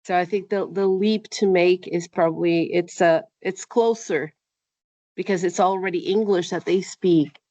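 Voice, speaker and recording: A woman's voice: on the low side, steady tone, a little slow, warm tone, no echo. A woman from Brazil interviews a guest over a video call, building long, thoughtful questions. The audio sounds dull and muffled, and the room is very dry. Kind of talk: casual interview chat.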